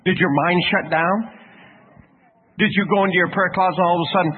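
A man's voice: high voice, fairly even intonation, brisk, pauses often, husky. A man preaching a sermon in a folksy storytelling manner, asking his listeners questions. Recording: tinny phone-like radio sound with faint noise.

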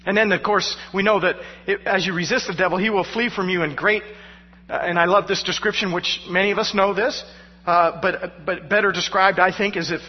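A male pastor preaching a sermon through personal stories, animated and poking fun at himself with frequent laughter. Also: sits high, a little fast, breathy edge. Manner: animated, self-mocking, laughing between lines. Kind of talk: storytelling sermon. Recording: dull sound with long hall reverb.

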